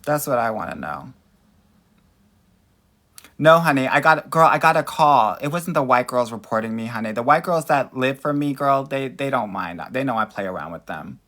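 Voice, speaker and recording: A man's voice: medium pitch, lively intonation, normal speed, pushed and bright. A young man hosting a casual livestream as a dating coach, sassy and playful, calling his viewers honey and girl.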